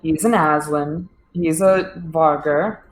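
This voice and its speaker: A woman's voice: deep voice, takes it slowly, roomy sound. A woman playing a tabletop game, speaking in character with hesitant, formal phrasing. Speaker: player.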